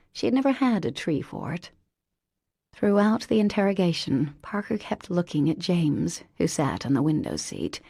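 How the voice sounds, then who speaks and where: A woman with a low, gravelly voice reads an audiobook in an even, unhurried way. Her delivery is close and dry, with no room around it. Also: dry recording. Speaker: audiobook narrator. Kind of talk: scripted narration.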